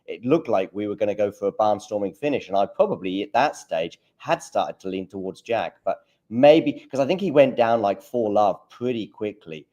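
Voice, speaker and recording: A man's voice: lowish voice, lively intonation, moderate pace, hardly any pauses, warm tone. A man hosting a podcast, chatting casually, repeating words as he finds his point and putting questions to his co-host. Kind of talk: casual chat.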